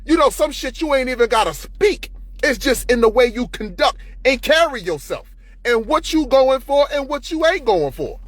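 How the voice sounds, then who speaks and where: A man's voice: very high-pitched, lively intonation, normal speed. A man in an unscripted monologue to camera, profane and preachy, often heated. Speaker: vlogger.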